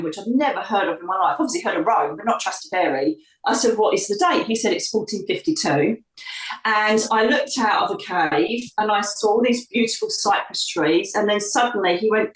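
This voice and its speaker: A woman's voice: mid-range voice, animated, moderate pace. A woman from the UK, a psychic medium telling a long story in an interview, chatty and laughing, acting out the voices she quotes. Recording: roomy sound, distant from the mic.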